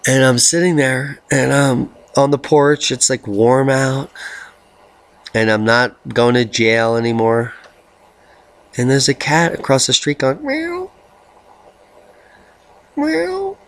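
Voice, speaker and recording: A middle-aged man hosting a video blog, rambling through weather news with jokes, rhymes and theatrical swings into high baby talk. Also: steady tone, a little slow. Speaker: video blogger host. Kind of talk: rambling weather commentary vlog.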